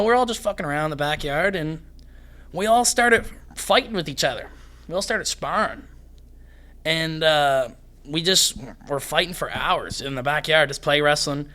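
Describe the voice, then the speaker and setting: A young man from Canada, a fighter guest on a podcast, talking fast and excitedly and swearing freely. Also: a little high. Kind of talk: casual podcast conversation.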